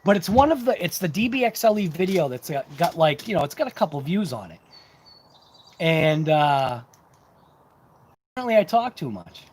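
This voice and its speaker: A man's voice: a little high, very animated, moderate pace, pauses often, a little mellow, a little hiss or hum. A man hosting a casual hobby livestream, chatting to viewers in a rambling, talkative, self-deprecating way. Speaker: RC hobby channel host.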